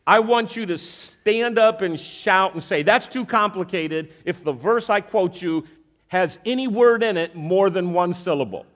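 With a high-pitched voice and a measured pace, a man uses a magic trick as an object lesson in his sermon. He keeps checking in with the audience through questions and repeats verses for emphasis, staying animated throughout.

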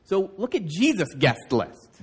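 A man's voice: high voice, big pitch swings, unhurried, slightly rough. A male pastor preaching a sermon, emphatic, with stammered restarts and "like, like".

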